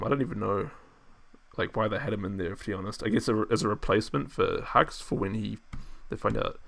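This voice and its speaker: A man's voice: medium pitch, vocal fry. A man streaming, rambling through casual film commentary, laughing often and mocking what he watches.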